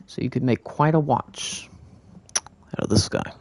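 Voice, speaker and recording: A man's voice: mid-range voice, measured pace. A man with a Texan accent, rambling casually to himself as he films a vlog. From Texas. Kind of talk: casual musing vlog talk. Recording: noisy background.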